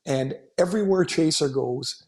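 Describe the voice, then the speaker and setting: His voice sits on the high side with a darkish tone and a moderate pace. He's a middle-aged ex-hockey player spinning loose, casual stories on a podcast, often starting over and breaking into laughter.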